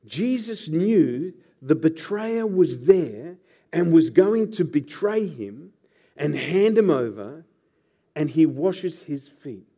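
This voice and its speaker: A man's voice: on the high side, very animated, slow, warm tone. A man preaching a sermon as pastor, telling the story with playful asides to the congregation.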